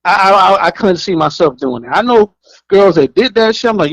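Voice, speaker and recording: Co-host type: high-pitched New man, animated and blunt, acts out quotes, dry close mic. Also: brisk, dry recording, low-quality recording. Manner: blunt, profane, laughs often. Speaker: podcast co-host. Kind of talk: casual chat, storytelling.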